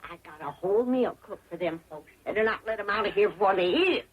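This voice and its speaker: A woman's voice: animated, fast talker, muffled recording, lightly acted. An actress playing a feisty, cantankerous old hillbilly grandmother with a rural Southern accent. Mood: cranky. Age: older. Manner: shrill, cranky. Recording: old TV sound, loud audience laughter and hiss.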